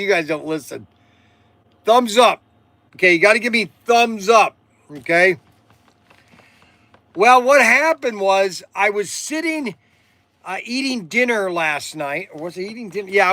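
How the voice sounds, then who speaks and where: Middle-aged man, livestream shop host; high bright voice, rambling and chatty, dry close sound. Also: dry recording. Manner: rambling storytelling with frequent restarts and fillers. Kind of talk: casual livestream chat.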